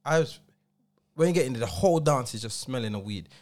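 A man's voice: mid-range voice, fast talker. A man in his forties with a London accent, co-hosting a podcast and telling stories in casual chat, acting out quotes in slang. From England. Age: 40s. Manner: animated storytelling, acts out quotes in slang. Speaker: podcast co-host and DJ.

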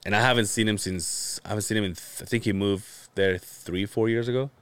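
A man's voice: lowish voice, steady tone, fairly quick, a bit bright, clean tone. A man hosting a podcast, telling a long rambling story in casual chat, swearing freely and full of fillers. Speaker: podcast host.

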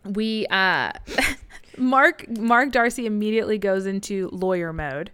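Chatty woman with a smooth voice. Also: medium pitch, a little slow, pushed and bright, no room sound. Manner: chatty recapping, frequent laughs and fillers. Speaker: podcast co-host. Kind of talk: casual book discussion.

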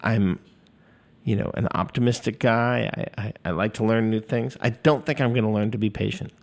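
A man's voice: on the low side, normal speed, vocal fry. A man in his fifties hosting a solo podcast in a studio, rambling, self-deprecating and swearing freely. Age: 50s. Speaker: podcast host. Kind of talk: casual solo podcast monologue. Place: recording studio. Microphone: studio microphone.

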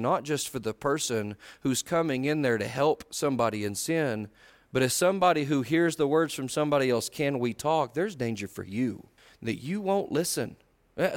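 A man preaching a sermon, swinging from loud acted-out voices down to low, quiet asides. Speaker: pastor.

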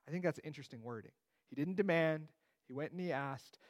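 Higher-voiced man teaching Scripture. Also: a little fast. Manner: conversational, with joking asides. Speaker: Bible teacher. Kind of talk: conversational Bible teaching.

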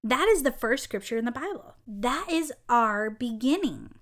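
A woman hosting her own podcast, telling a personal story in a lively, bubbly way with frequent laughter. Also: a little high, normal speed. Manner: animated and bubbly, laughs often. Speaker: podcast host. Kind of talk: casual storytelling monologue.

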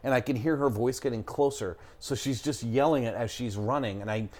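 A man's voice: mid-range voice, fairly quick, a little mellow. A middle-aged man telling a story in casual chat, rambling and swearing, with lots of fillers. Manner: rambling, profane, lots of "like" and "I'm talking".

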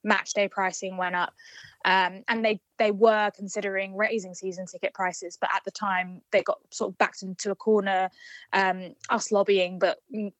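A woman's voice: mid-range voice, flat delivery, normal speed, no room sound. A woman, a supporters' trust representative explaining a fan campaign at length in a casual podcast interview, with many fillers and restarts.

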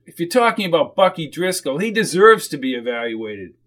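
Man playing a tired coach, dry, slightly high voice, audiobook. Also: sing-song, fairly quick, a bit bright. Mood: weary. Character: weary small-town football coach, man.

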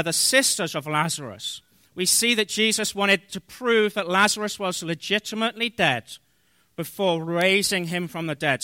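Male pastor, high bright tone, earnest sermon delivery with scripture reading, dry close sound. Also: dry recording. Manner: earnest preaching with pauses and fillers, reading scripture aloud.

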